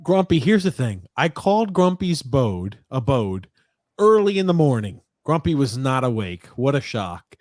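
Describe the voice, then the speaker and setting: A man's voice: mid-range voice, very animated, moderate pace, darkish tone, no room sound, studio quality. A young man hosting a casual sports chat, joking and bantering with his father and brother. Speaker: podcast host.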